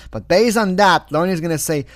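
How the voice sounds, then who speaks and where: A man's voice: high-pitched, brisk, no room sound, clean studio sound. A man who is not a native English speaker, giving casual, sarcastic commentary, often breaking into mocking laughter.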